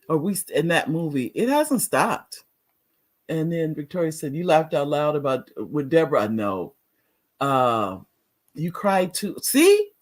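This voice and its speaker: A middle-aged woman hosting a casual live talk show, chatting with viewers, restarting sentences and laughing often. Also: on the low side. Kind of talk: casual live-stream chat reading viewer comments.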